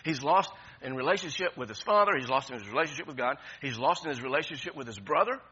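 A man's voice: medium pitch, animated, quick pace, pushed and bright, slightly rough, lo-fi sound. A man preaching a sermon with passion, repeating phrases and restarting often. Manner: impassioned, repetitive preaching with many restarts. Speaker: pastor.

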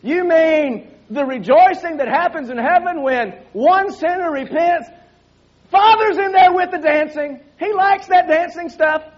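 A man's voice: extremely high pitch, measured pace. A male preacher delivering a sermon with emphatic repetition and rhetorical questions. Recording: dull lo-fi sermon recording.

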